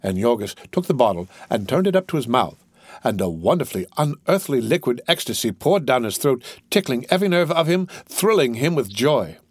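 A man reading a novel aloud as narrator, with expressive, lively storytelling. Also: mid-range voice, fairly quick, no room sound. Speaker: audiobook narrator.

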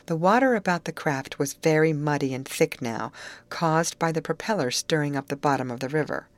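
A woman narrating an audiobook chapter in an even, measured storytelling manner. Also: low-pitched, no room sound. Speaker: audiobook reader.

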